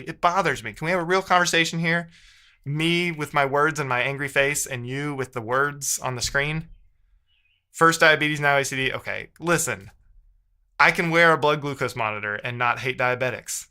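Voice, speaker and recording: A man's voice: medium pitch, bright, forceful tone. A man rambling in casual livestream chat with his viewers, frustrated and often correcting himself.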